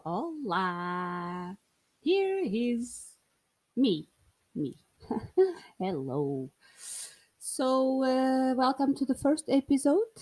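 Playful Portuguese woman, slow and breathy. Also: a little high, warm tone. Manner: playful, rambling, self-mocking with frequent laughs and fillers. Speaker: podcast host. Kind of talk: solo podcast monologue.

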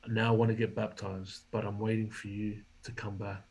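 A man's voice: lowish voice, flat delivery, moderate pace, darkish tone, a little hiss or hum, poor audio. A man, a guest in an interview, telling a story and acting out the dialogue he quotes. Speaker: podcast guest, former rugby league player.

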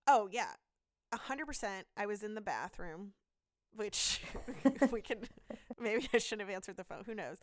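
A woman's voice: mid-range voice, measured pace, slight background noise. A woman in her thirties, a doctor and podcast co-host, animatedly retelling stories in a casual interview. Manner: animated, laughing, lively retelling. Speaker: physician and podcast co-host, guest.

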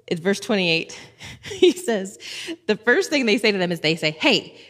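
A woman in her thirties teaches a Bible passage casually and with animation, acting out the story's characters and laughing easily. Her voice sits at a medium pitch and moves at a moderate pace.

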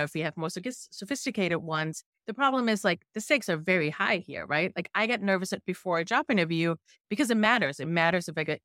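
A middle-aged woman with a German accent, a native German speaker, speaking as an investigative journalist guest and telling her stories with lively, acted-out quotes. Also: lowish voice, no echo, studio quality. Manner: animated storyteller, acts out her own quotes. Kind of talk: conversational interview answers.

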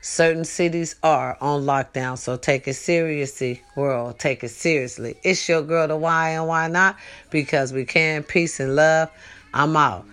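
Brief: young woman host, casual night chat, animated and teasing, streetwise tone. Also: sits low, measured pace, clean tone.

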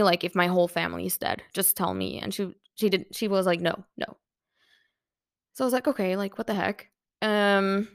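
A young woman recounts a painful personal story on her podcast. Her voice is medium in pitch with a gravelly, fry-heavy edge. It is recorded dry and close, with no room around it. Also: dry recording. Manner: emotional, many "like" fillers. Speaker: podcast host.

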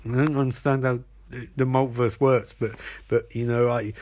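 A man's voice: level tone, close to an everyday voice. Captain Cold, a mumbling smug villain, as a man puts him on. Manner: mumbled, halting, lower and quieter. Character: sly male supervillain, smug and wheedling.

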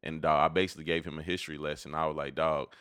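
A man's voice: a bass voice, level tone, rapid-fire, fairly bright tone, smooth, dry recording, studio quality. A man in casual conversation, telling stories in a laid-back, slangy way. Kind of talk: casual chat.

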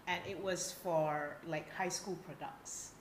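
A woman's voice: low voice, steady tone, slow pace. A woman in her twenties with a Malaysian English accent, telling a story in a casual podcast chat, earnest and candid. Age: 20s. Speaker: podcast co-host. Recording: echoey room, faint background noise.

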